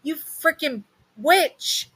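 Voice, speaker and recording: A woman voicing a furious, tied-up young man who shouts in outrage. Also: sits high, lively intonation, extremely slow, pitched above the performer's own voice, heavily acted, rough recording.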